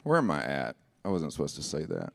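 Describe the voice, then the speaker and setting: A male pastor preaching with impassioned, sing-song delivery, swinging between shouted lines and quiet personal asides. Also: a bass voice, huge pitch swings, brisk, creaky, no echo. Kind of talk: sermon. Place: church.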